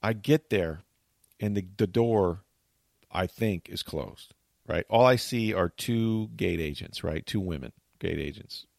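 Gravelly guy on a talk show telling a long story, dry close sound. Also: low voice, a little slow, a little mellow, no echo. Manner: tells long stories, acts out quotes. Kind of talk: animated storytelling chat.

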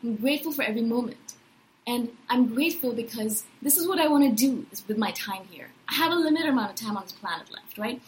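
Upbeat woman in her thirties, slightly high voice. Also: a little fast, hardly any pauses, a little hiss or hum, low-quality recording. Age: 30s. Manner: enthusiastic, animated, often tags "right?". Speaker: podcast host. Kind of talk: casual personal monologue.

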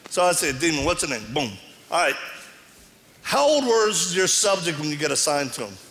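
A man's voice: fairly high pitch, normal speed. A middle-aged man preaching a sermon to a live audience, telling stories and acting out the dialogue with animation. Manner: animated storytelling, acts out dialogue. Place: large hall before an audience. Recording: reverberant hall.

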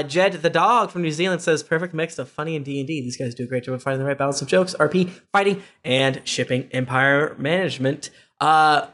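A man with a fairly high voice reads listener reviews aloud on a podcast. His delivery is casual and relaxed, with small joking asides between the quotes. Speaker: podcast host.

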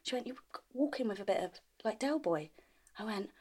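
A woman, co-hosting a podcast in casual chat and telling animated stories full of laughter. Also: a little high, brisk. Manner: animated storytelling, laughs often, acts out her own lines. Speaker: podcast co-host.

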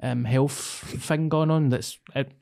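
A man's voice: mid-range voice, steady tone, measured pace, creaky, mellow. A man with a Scottish accent chatting casually on a podcast, telling stories with lots of swearing and laughs. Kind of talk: casual chat.

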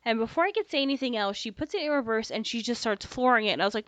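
A young woman co-hosting a podcast, telling a story in casual chat, animated, swearing freely and acting out dialogue. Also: a little high, racing, no room sound. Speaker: podcast co-host. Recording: slightly dull dry podcast mic.

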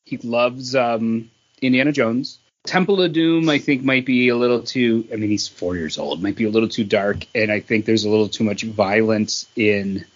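A man's voice: mid-range voice, muffled recording. A man co-hosting a podcast, talking casually and animatedly, with a lot of fillers. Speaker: podcast co-host. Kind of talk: casual chat.

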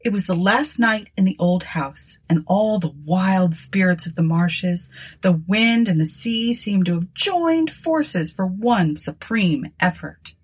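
A woman narrating a gothic storybook in an expressive, dramatic reading. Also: on the low side, slow pace, breathy edge. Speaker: audiobook narrator.

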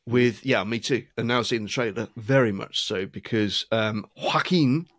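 A man's voice: medium pitch, measured pace, a bit bright, no echo. Wry man chatting, dry sound. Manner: wry, rambling storyteller. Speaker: podcast co-host. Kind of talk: casual chat.

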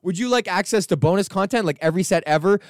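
Profane ranting comedian, smooth dry voice. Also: male voice, sits high, fast talker, no room sound. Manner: profane, rambling, animated storytelling. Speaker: comedian podcast host. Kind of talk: casual ranting monologue.

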